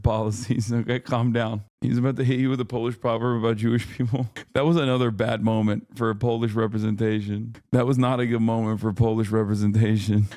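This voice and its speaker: A man's voice: mid-range voice, darkish tone, no room sound, studio quality. Profane rambling streamer man. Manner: profane, rambling, laughs often. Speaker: live streamer. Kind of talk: live-stream reaction talk.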